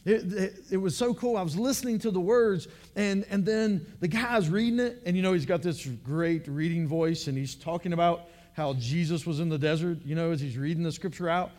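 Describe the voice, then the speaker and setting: A man's voice: on the high side, moderate pace, few pauses, a little mellow. A man pastor giving a conversational sermon to his church, often repeating words as he builds his points.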